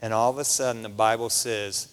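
A man's voice: lowish voice, fairly quick. A middle-aged man preaching a sermon in a casual, conversational way, often tossing in "man" as he talks. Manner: animated, conversational, peppers lines with "man". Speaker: pastor. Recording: long reverb of a large hall.

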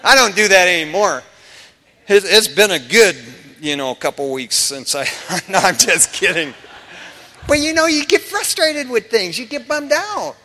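A man's voice: high voice, measured pace. A man preaching a sermon in a church, telling stories casually and acting out quotes with humor. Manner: animated, casual storytelling with humor and acted-out quotes. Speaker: pastor. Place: church sanctuary. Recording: preached in a reverberant church hall.

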